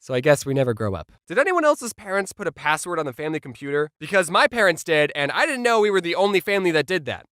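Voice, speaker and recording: A young man telling comedic childhood stories in a sarcastic, animated scripted style. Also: sits high, clean tone, dry recording, clean studio sound. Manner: sarcastic, animated, jumps between voices. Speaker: comedy YouTuber.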